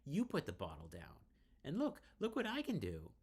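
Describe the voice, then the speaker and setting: A man doing a giddy, drunken teenage girl in a game, her voice pushed high and sing-song. She giggles and taunts, mock-formal one moment and teasing the next. Underneath, a low male voice lifts well above its own pitch. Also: animated, brisk, vocal fry. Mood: giddy tipsy.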